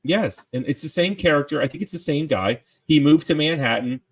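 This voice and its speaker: A man chatting casually on a panel call, rambling and excitable, often tripping over his words. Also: a little high, a little fast, slightly rough. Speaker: panel guest.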